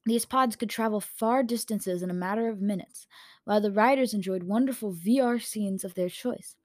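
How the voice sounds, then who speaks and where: A woman's voice: mid-range voice, moderate pace, a little mellow, no room sound. A woman reading a story aloud in a casual way, with slips and corrections, into a home microphone. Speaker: story reader.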